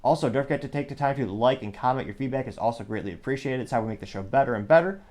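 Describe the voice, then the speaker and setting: A man's voice: mid-range voice, very fast, hardly any pauses, a little mellow. Sarcastic American man hosting commentary. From United States. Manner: sarcastic, joking asides. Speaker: host. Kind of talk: casual commentary monologue.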